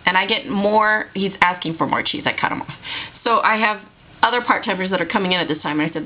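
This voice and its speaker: A woman vlogger telling a work story in an animated, exasperated storytime way. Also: medium pitch, fast, highs cut off. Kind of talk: storytime vlog.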